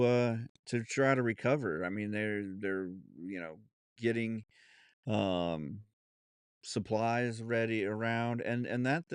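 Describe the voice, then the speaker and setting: A man hosting his own podcast, talking off the cuff in an earnest, halting way with many restarts and fillers, and a Southern US accent. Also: medium pitch, a little mellow, smooth, dry recording, clean studio sound. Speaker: podcast host. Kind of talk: unscripted solo podcast talk.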